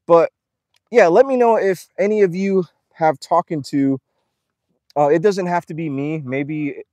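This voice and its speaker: A man's voice: on the high side, unhurried, a little mellow, dry recording. A young man livestreaming casually outdoors at an animal ranch, reading donor names and talking to the animals. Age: young adult. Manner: chatty, reads donor names aloud, coos at animals.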